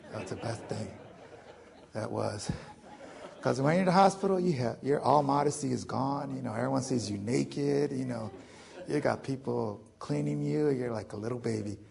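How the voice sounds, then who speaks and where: A man's voice: medium pitch, moderate pace, vocal fry, a little mellow. A man in his forties telling his own survival story to an audience in a loose, joking way, full of fillers. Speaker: veteran speaker.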